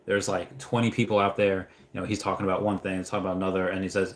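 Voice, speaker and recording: Stammering male livestream host, low voice. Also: level tone, racing, hardly any pauses. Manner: reads out chat messages, then rambles into anecdotes; frequent stammered restarts. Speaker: livestream host answering viewer questions. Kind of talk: casual livestream chat reading viewer comments.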